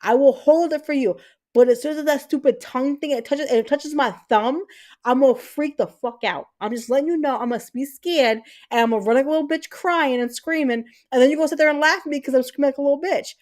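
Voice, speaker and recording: Animated swearing woman livestream host. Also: sits high, fast. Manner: animated, profane storytelling. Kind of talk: casual live chat.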